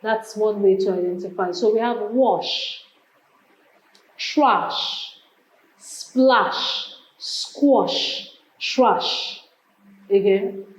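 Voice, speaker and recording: A woman with a Nigerian English accent teaching an exam prep lesson, drilling word lists slowly and repeating them. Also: mid-range voice, darkish tone, roomy sound, rough recording.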